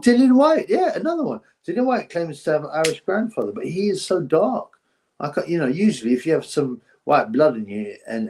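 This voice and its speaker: A man's voice: medium pitch, a little mellow. A man hosting a boxing livestream, chatting casually and rambling as he reads out and answers viewer comments. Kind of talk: casual live-stream chat.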